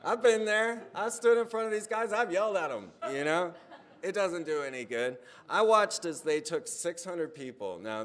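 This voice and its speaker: A man speaking in a casual, animated monologue, his voice climbing higher and louder when he gets worked up. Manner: animated storytelling, voice rising when excited. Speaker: speaker on a hypnosis channel.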